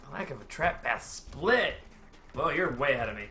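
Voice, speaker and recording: A man's voice: medium pitch, lively intonation, moderate pace, bright, forceful tone. A man co-playing a video game in casual chat, swearing and laughing freely. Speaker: co-player. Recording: echoey room with game music.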